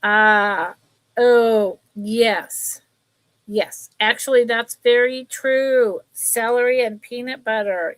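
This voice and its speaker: A woman's voice: medium pitch, dry recording, low-quality recording. A middle-aged woman hosting a live jewelry sale, chatting casually and rambling between viewers, her cat and the pieces she shows. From California. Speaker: live sale host selling vintage jewelry. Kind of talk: casual live-stream sales chat.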